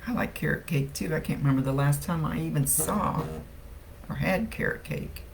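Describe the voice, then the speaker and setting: Gravelly-voiced chatty woman medium. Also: low-pitched, normal speed, slight background noise. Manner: chatty, laughs often, gets teary. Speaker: psychic medium. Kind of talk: live-streamed reading, casual chat.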